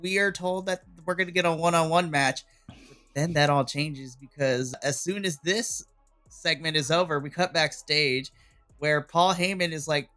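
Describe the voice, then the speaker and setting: A man's voice: on the high side, normal speed, pushed and bright, soft background music. A man co-hosting a wrestling podcast, recapping events casually with playful quoted voices and laughter.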